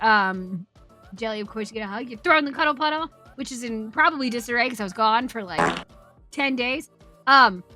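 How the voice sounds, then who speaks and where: High-pitched woman streamer, swears a lot, rambly storytime w chat, laughs a bunch. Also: bright, forceful tone. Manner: profane, rambling storyteller who laughs often and greets chat. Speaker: Twitch streamer.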